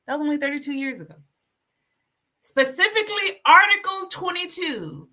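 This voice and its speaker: Woman, livestream host, casual chat, very expressive pitch, reading from notes. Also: normal speed. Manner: chatty, animated, reads aloud from notes. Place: indoors at a computer, sharing her screen.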